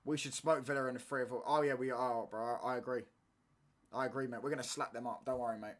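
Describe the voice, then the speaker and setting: A man's voice: medium pitch, steady tone, fast. A young man, chatting casually through a football watchalong stream in slangy banter, ending lines with "mate" and "bro".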